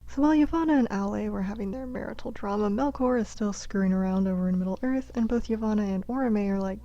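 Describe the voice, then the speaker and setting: Narrator, female, with gravelly fry, mellow tone, breezy and jokey delivery. The audio is dull and dry. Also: mid-range voice, fast talker, few pauses, dry recording. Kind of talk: casual comedic story retelling.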